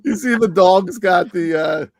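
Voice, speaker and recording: A man's voice: high voice, measured pace, crowd noise. A man hosting a casual online chat show, rambling and laughing as he talks. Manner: rambling, laughs while talking. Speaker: podcast host.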